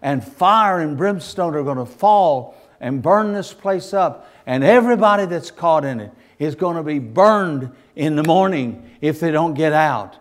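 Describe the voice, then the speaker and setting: Man, preacher, fervent sermon, dramatic, somewhat high voice. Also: lively intonation, unhurried, few pauses. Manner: fervent, dramatic preaching with rising shouts and hushed asides.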